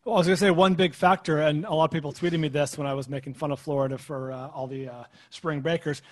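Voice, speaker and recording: A man's voice: fairly high pitch, steady tone, fast. A man co-hosting a podcast, chiming in with wry remarks. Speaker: podcast co-host. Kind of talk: casual banter.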